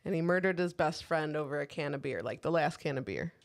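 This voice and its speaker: Animated and a little fast, this podcast co-host has a voice that sits low. In casual conversation she tells candid stories, swearing freely and quoting her own words.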